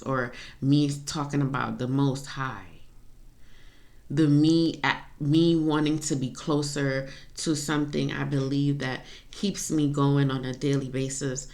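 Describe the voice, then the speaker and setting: A woman talking in a personal vlog, rambling and confessional, laughing to keep from crying. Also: very deep voice. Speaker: vlogger.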